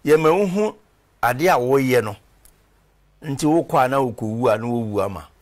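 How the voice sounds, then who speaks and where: A man's voice: mid-range voice, animated, moderate pace. Male reverend guest, rambling storyteller. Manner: rambling storytelling, searching for names. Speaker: interview guest, reverend and former footballer. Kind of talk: conversational interview.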